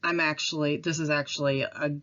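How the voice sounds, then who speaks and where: A woman with a Midwestern accent talks casually into her camera at home. Her voice sits low, and she rambles a little, with pauses and apologies. The recording is dull and lo-fi. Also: little pitch movement, a bit bright. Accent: Midwestern American. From Midwestern United States. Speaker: vlogger.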